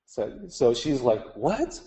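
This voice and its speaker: A man's voice: medium pitch, lively intonation, unhurried, dark tone, low-quality recording. A man teaching a group, telling a story in a conversational way with many "you know" asides. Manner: acts out quoted voices in story. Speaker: Daoist teacher.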